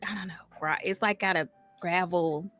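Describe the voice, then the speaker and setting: A woman co-hosting a podcast in casual chat, gushing and animated, full of filler words. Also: fairly low pitch, moderate pace, soft background music. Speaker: podcast co-host.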